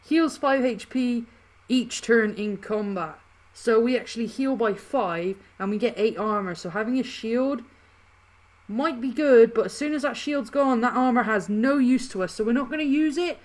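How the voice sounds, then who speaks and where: A woman hosting a gaming channel, chatting excitedly through casual gameplay commentary and laughing often. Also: a little high, moderate pace.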